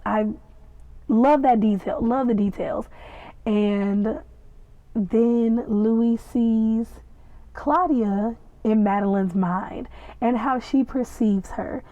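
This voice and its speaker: A woman's voice: fairly high pitch, takes it slowly, no room sound. A woman hosting a podcast, recapping and reacting to a TV episode in a gushing, chatty way with playful asides. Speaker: podcast host reviewing a TV episode. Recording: tinny phone-like sound, dry.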